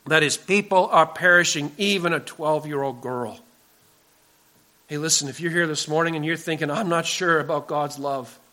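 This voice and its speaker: A male pastor delivers an earnest sermon in a church, pressing his points with repeated, emphatic warnings. His voice sits high for a man and rings bright and forceful.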